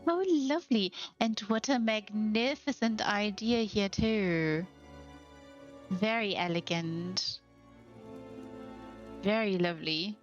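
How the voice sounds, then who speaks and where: A woman gives a leisurely, admiring voice-over as she tours players' game homes, gushing over each detail. Her mid-pitched voice comes through a little dull and muffled. Soft music plays faintly underneath. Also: takes it slowly, pauses often. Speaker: game housing showcase host. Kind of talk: gameplay tour voice-over.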